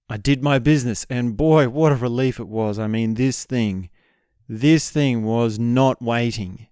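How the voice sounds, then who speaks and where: A man's voice: mid-range voice, a little mellow, clean tone, no echo, studio quality. A man hosting a podcast, telling an embarrassing personal story in a candid, self-deprecating way. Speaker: podcast host. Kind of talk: storytelling monologue.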